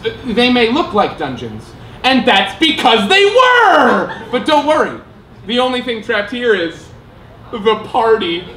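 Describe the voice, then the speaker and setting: A man's voice: a bit bright, a little hiss or hum, exaggerated voice. Man putting on a cheesy theme-park ad announcer. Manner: cheesy salesman pitch, mock-cheerful. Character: over-eager male theme-park ad announcer. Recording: roomy live venue sound.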